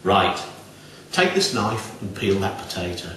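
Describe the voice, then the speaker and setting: A man's voice: sits low, sing-song, unhurried, fairly bright tone, slight background noise, full character voice. A man voicing a feisty, kindly little old woman cook in a cheerful, matter-of-fact way. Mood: bossy. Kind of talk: storytelling acted voice. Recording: very echoey room, distant mic.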